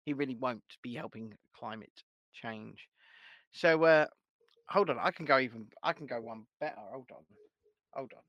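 A man's voice: mid-range voice, normal speed, fairly bright tone, no echo, highs cut off. A man hosting a casual live stream chat, swearing and laughing as he banters with viewers and his co-host. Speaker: livestream host.

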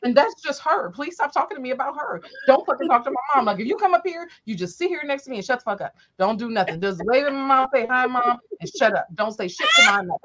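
A woman telling animated, profane stories from her youth in a casual chat. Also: high voice, fast talker, few pauses. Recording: dull lo-fi audio.

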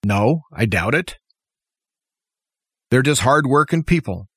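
A man's voice: mid-range voice, animated, slow pace, fairly bright tone, husky, dry recording, clean studio sound. A man giving an impassioned, opinionated political commentary monologue as a talk show host, full of rhetorical questions. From United States.

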